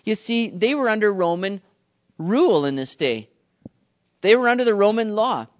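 A man's voice: high-pitched, moderate pace, muffled recording. A man preaching a sermon, telling stories with animation and acting out the quotes. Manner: animated storytelling, acts out quotes. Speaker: pastor.

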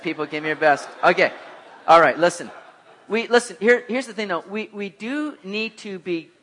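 A man preaching a sermon in a bright, forceful voice that sits a little high. He talks conversationally and jokes with his listeners, then climbs to emphatic exhortation. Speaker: pastor.

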